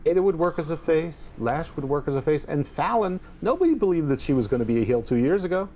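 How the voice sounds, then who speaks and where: A man's voice: a little high, lively intonation, quick pace, dark tone, slight background noise. A man co-hosting a casual wrestling chat, blunt with dry sarcastic asides. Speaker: podcast co-host.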